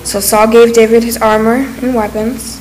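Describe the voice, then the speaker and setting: A woman reading a children's Bible story aloud in church, clear and steady. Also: on the high side, moderate pace, poor audio.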